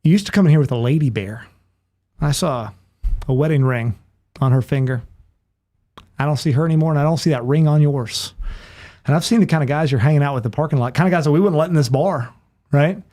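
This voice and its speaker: A man's voice: fairly high pitch, quick pace, pauses often, mellow, close to an everyday voice. A man voicing an earnest middle-aged bartender in a told joke, pleading and heartfelt, often calling his listener "man.".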